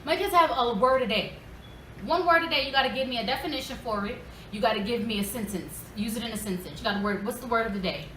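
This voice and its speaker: Emphatic New woman in her thirties, higher voice, recorded from a distance in an echoey room. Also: fast. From New York. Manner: emphatic, animated. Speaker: podcast co-host. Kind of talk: casual group chat. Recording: echoey room, mic at a distance, faint hiss.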